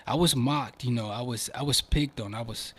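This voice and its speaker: A young man from Africa hosting a podcast, chatting casually to viewers in animated slang. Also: mid-range voice, moderate pace, husky. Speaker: podcast host. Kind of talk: casual video commentary.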